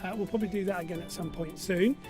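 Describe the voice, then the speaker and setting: Chatty high-voiced quiz host. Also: male voice, fairly even intonation, fast, a little mellow, soft background music. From Burnley, Lancashire, England. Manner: chatty, reads out viewer messages and jokes. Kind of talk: live-streamed pub quiz chat.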